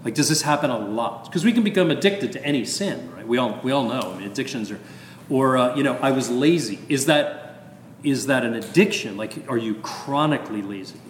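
A man in his fifties, a priest, talking casually about confession in an animated, chatty way full of asides and fillers. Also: mid-range voice, brisk, a little hiss or hum. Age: 50s. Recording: echoey room with long reverb.

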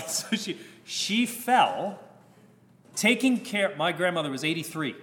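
A man's voice: a little high, sing-song, unhurried. A male priest telling a personal story in a candid, rambling way, chuckling at his own jokes. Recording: reverberant hall with faint background noise.

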